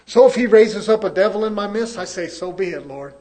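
A man preaching a sermon to his congregation, repeating phrases and swinging between soft asides and loud, pleading peaks. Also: high-pitched, lively intonation, brisk, few pauses. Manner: rhythmic, call-and-response pleading.

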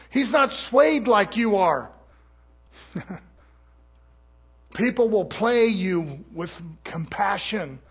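A man preaching a sermon in a fervent, folksy manner, moving between hushed asides and shouted exhortation. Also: extremely high pitch, slightly rough. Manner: folksy, plain-spoken.

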